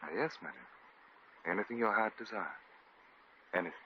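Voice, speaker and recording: A genteel English lord, lovestruck and doting, played by an actor in a 1950s radio play. He speaks in a very deep voice that swings lively in pitch, and he stammers fussily. The recording is dull and dated, with faint hiss. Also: moderate pace, natural voice.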